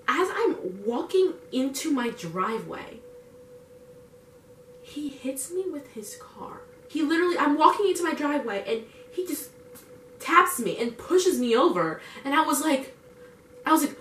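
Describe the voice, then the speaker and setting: A woman's voice: high voice, moderate pace, roomy sound, recorded from a distance, slight background noise. A young woman vlogger telling a storytime, acting out her own dialogue and using "like" often. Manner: animated, acts out her own dialogue in quotes; frequent "like" fillers. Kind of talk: storytime vlog.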